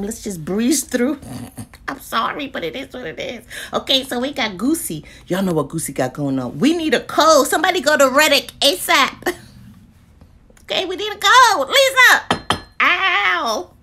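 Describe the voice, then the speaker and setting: A woman, chatting casually about deals in a lively vlog, with lots of exclaiming and laughing. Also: on the high side, breathy edge. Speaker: deals vlogger. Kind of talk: casual live chat.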